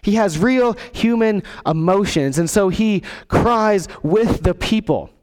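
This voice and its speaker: A man preaching a sermon as a pastor, earnest, dropping quiet and low to stress key words. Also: slow pace. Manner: acts out quoted voices in the text.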